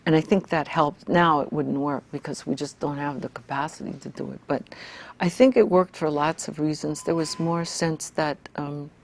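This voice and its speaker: A woman's voice: low-pitched, a little mellow. An older woman in an interview, talking bluntly and emphatically, building to fiery outbursts. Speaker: interviewee, activist and scholar. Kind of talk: reflective interview talk.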